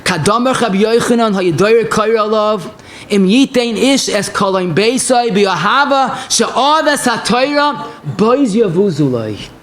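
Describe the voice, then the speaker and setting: A man's voice: sits high, fairly bright tone, a little hiss or hum. A man giving a passionate Torah lecture as a rabbi, telling stories in mixed with Hebrew and phrases.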